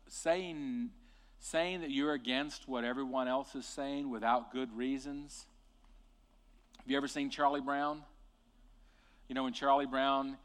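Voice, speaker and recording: A man preaching a sermon with passion, rising to loud emphatic peaks and dropping to quiet, deliberate lines. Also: medium pitch. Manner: impassioned, swings from hushed to loud and emphatic.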